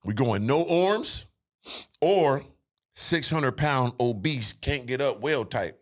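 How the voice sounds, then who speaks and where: A man's voice: mid-range voice, expressive, takes it slowly. A young man, hosting a crude, joking podcast chat. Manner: joking, profane, puts on silly voices. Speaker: podcast host. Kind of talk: crude casual banter.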